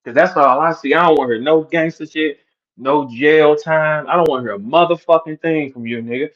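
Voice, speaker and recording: A man's voice: fairly high pitch, fairly quick, dull audio. A man hosting an online audio room, ranting aggressively and mockingly with heavy profanity.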